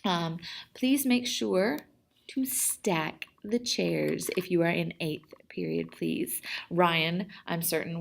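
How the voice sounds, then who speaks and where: Woman French teacher, slightly gravelly, chatty recorded class lesson with repeat-after-me drills. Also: medium pitch. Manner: chatty, repeats words for students to echo.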